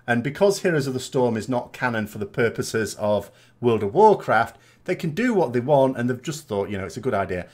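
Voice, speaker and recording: A man's voice: mid-range voice, sing-song, fairly quick, darkish tone. A British man chatting casually as a gaming vlogger, reading out viewer comments and answering them with rambling asides and tag questions.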